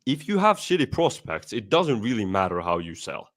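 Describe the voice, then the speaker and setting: A man's voice: on the low side, sing-song, moderate pace, a bit bright. A man hosting a casual podcast chat, emphatic, often calling his guest "bro".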